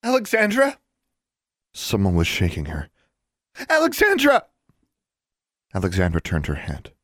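A man narrating a fantasy story as an audiobook, in a steady, measured reading. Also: low-pitched, slightly rough, no echo, clean studio sound.

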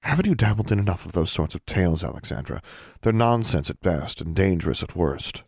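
A man's voice: deep voice, animated, brisk, a little mellow, dry recording, clean studio sound. A man doing a stern, dismissive official. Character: stern, guarded woman official.

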